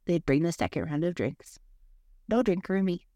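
A woman's voice: on the low side, animated, normal speed, mellow, dry recording, studio quality. A woman co-hosting a podcast, telling candid, rambling stories in casual chat, full of fillers and asides. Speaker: podcast co-host.

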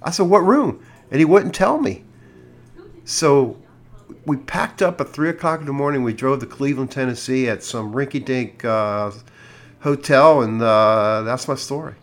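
A man's voice: medium pitch, normal speed. A middle-aged man hosting a music radio show, chatting casually and telling a rambling story with many restarts.

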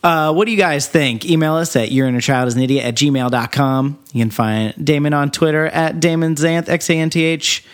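A man's voice: fairly high pitch, steady tone, brisk, hardly any pauses, smooth. A man co-hosting a podcast in casual chat, rambling and laughing often. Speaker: podcast co-host.

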